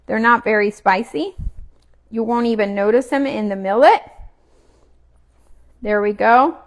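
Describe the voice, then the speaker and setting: Her pitch sits fairly high and her delivery is a bit slow. This cooking vlogger keeps up easygoing chatter in her own kitchen as she prepares food, now and then chewing mid-sentence.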